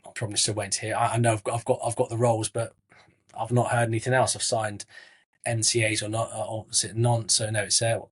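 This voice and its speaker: Husky middle-aged man, chatty and matey. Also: fairly low pitch, flat delivery, fast talker. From Southwest England. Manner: chatty, frequent restarts, calls people mate. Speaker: actor, interview guest. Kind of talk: casual interview chat.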